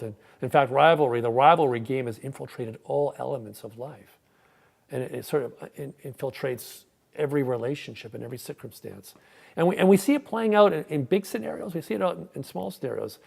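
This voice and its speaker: Male pastor, gravelly and conversational, warm sermon delivery. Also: medium pitch. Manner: conversational, repeats words when starting sentences. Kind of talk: sermon with a joke.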